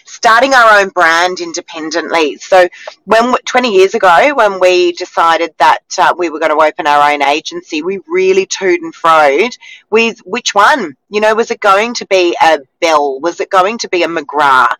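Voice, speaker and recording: A woman co-hosting a casual chat, her voice husky and tired, chatty and laughing at herself. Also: fairly low pitch, moderate pace, a bit bright, dry recording, low-quality recording. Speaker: co-host.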